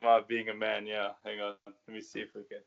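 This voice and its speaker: A man chatting casually as a podcast guest, relaxed and self-mocking, on a cheap mic over a call from home. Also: on the low side, a little fast, vocal fry, highs cut off. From South Africa. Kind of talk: casual chat. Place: home room, on a video call. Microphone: cheap USB mic hung from its cord.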